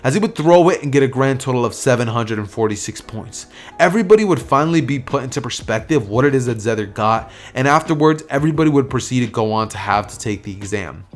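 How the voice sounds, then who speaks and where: A man spins an improvised fan story in a casual, rambling manner, leaning on fillers and restarts. His voice sits at a middle pitch for a man. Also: lively intonation, fast talker. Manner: loose, rambling, filler-heavy. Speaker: storyteller, channel host.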